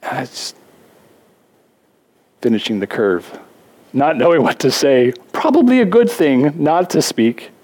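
A man's voice: mid-range voice, a little slow, long pauses. Casual, joking male pastor. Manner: conversational, self-deprecating humor, animated asides. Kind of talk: sermon.

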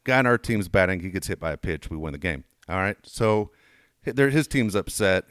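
A man co-hosting a talk show, telling stories in casual chat with loud acted-out quotes. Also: sits low, animated, brisk, no room sound, studio quality. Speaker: radio show co-host.

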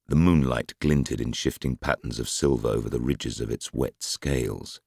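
A man with an extremely low, gravelly, husky voice narrates a thriller in a measured, dramatic way. The recording is close and dry. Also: a little mellow, no room sound. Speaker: audiobook narrator. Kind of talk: scripted narration.

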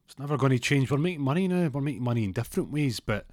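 A man's voice: mid-range voice, animated, very fast, darkish tone, dry recording, pitched above the performer's own voice, lightly acted. Casting: wheeler-dealer, blunt, dry close voice, put on by a man telling a story. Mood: boastful. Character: streetwise Glasgow man running stolen goods.

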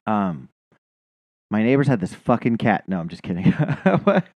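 A man's voice: on the low side, animated, normal speed, no echo, highs cut off. A man co-hosting a podcast, telling rambling, profane, self-mocking stories in casual chat. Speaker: podcast co-host.

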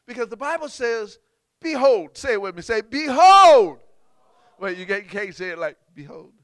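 A man preaching a call-and-response sermon, prompting the congregation and bursting into shouts. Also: sits high, animated, fast, no room sound, clean studio sound.

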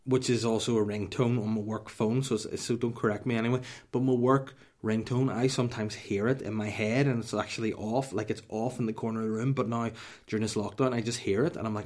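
A man's voice: lowish voice, fairly even intonation, quick pace, a little mellow. A man, telling rambling, profane comic stories as a podcast host. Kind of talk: comic storytelling.

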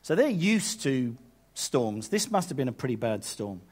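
A man preaching a sermon, acting out the voices in the scripture he reads with sudden high bursts. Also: animated, normal speed, a little mellow.

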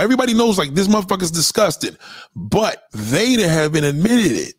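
A man's voice: a little high, sing-song, a little fast, slightly rough, dry recording. A man giving blunt, profane opinions in a casual, emphatic rant, often repeating himself. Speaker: commentator.

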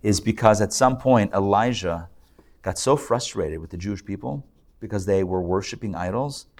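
Joking rabbi teaching a live class. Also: male voice, on the low side, normal speed. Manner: joking, conversational, asks the audience questions. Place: lecture room with a live audience and online viewers.

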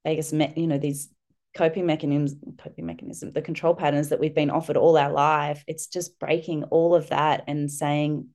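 Low-voiced woman telling a story. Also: moderate pace. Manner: warm, animated storytelling, acting out children's voices. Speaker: guest, parenting instructor. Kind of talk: podcast interview storytelling.

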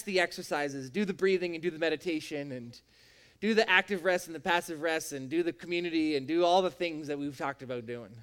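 A man's voice: a little high, a bit bright. A man preaching a sermon as a pastor, with an emphatic, repetitive cadence.

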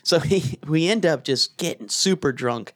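Laughing, animated male storyteller. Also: a little high, moderate pace. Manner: animated, laughs often, acts out quotes. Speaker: storyteller guest. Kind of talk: casual chat, telling funny drinking stories.

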